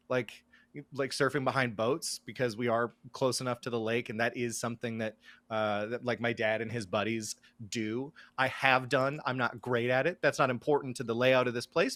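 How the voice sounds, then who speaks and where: A man playing a tabletop game who describes his character's surroundings in a relaxed way with many fillers. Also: medium pitch, no echo. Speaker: player.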